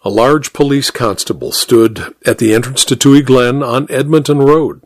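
A man narrating a first-person story in a measured, wry storytelling manner. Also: mid-range voice, no echo, studio quality.

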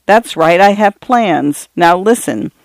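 A man's voice: high voice, animated, slow, creaky, no echo, exaggerated voice. A male narrator voicing a divorced father who teases his young daughters tenderly and playfully. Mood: teasing, tender.

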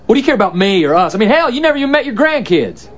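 An actor playing a frustrated grown son who delivers pizzas, speaking in an exasperated, whiny way, heard in a film clip. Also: male voice, high-pitched, sing-song, racing, dull audio.

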